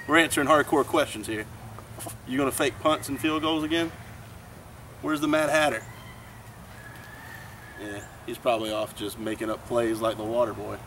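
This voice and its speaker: A man's voice: medium pitch, a bit bright, slight background noise, poor audio. Teasing guy talking trash. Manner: teasing, mock-scolding. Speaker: college football fan. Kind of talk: comedic trash talk.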